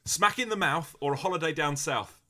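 A young man, co-hosting a casual comedy chat with dry, deadpan quips. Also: a little high, brisk. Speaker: podcast co-host.

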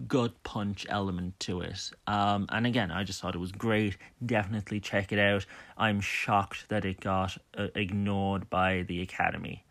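A young man with a fairly low voice hosts a podcast and talks through films in a casual review. He is opinionated and enthusiastic as he recommends and pans his picks. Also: a bit bright. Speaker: podcast host. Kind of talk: casual film review monologue.

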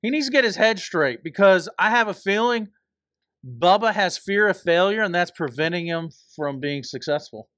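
A man's voice: high-pitched, animated, moderate pace, a bit bright, dry recording, clean studio sound. A man co-hosting a casual sports podcast, teasing his co-host with wild questions. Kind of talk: casual chat.

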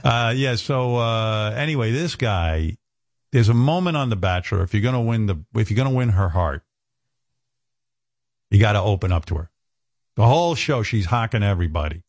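An older man hosts a talk show with a low, gravelly voice that bounces around in pitch. He jokes crudely and slips into mocking impressions. The sound is close and dry. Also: animated, normal speed, dry recording. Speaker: radio show host. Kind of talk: comic talk show banter.

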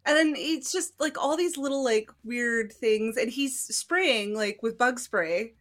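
A woman in her thirties co-hosting a casual movie review podcast, retelling the plot in an animated way with lots of "like". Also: on the high side, measured pace, faint music behind. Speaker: podcast co-host.

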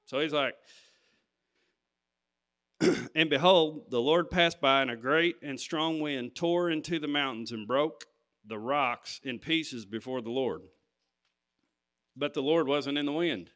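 A man's voice: fairly high pitch, slow pace, pauses often, fairly bright tone. A man preaching a sermon, reading scripture and talking to the congregation in an emphatic, conversational way.

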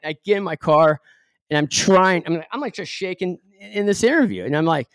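A man's voice: on the high side, lively intonation, brisk, a bit bright, no echo, clean studio sound. A middle-aged man from Southern California, a podcast guest telling a story with many fillers and acted-out quotes. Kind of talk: storytelling in an interview.

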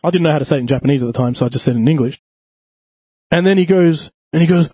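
A man telling a crude, animated story in casual chat, swearing freely. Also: a little high, racing, breathy edge, dry recording. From Australia.

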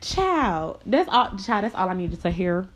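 A young adult woman telling a personal story in a casual, slangy, blunt way, laughing between lines and jumping into high mocking voices when she quotes people. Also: very animated, unhurried, noisy background.

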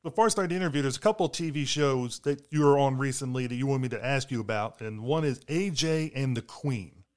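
Brief: male podcast interviewer, eager fan, mid-pitched, casual. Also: fairly quick. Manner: friendly fan enthusiasm, repeats words when starting.

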